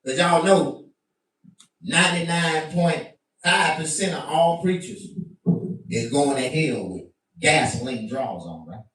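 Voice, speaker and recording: A man doing a profane stand-up rant to his stream, animated and bursting into shouts. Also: on the high side, slow, pauses often. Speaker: comedian. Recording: very echoey room, mic at a distance.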